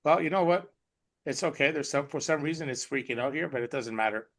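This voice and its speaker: Bright-voiced excited man hosting a call. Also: fairly high pitch, fairly quick. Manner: exuberant, effusive, laughing. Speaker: host. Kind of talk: online team call recap. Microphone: video call.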